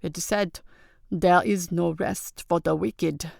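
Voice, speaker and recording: A woman voicing a wounded male warrior lying on a cot, speaking softly and wryly about his injury. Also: fairly low pitch, steady tone, slow pace, gravelly, dry recording, studio quality, full character voice.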